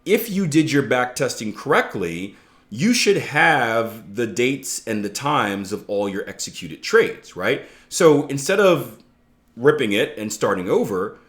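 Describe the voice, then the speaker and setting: A man's voice: mid-range voice, very animated, a little slow, fairly bright tone. Chatty male trading coach, casual podcast. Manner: conversational, jokey asides, frequent "right?" checks. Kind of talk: casual instructional podcast talk.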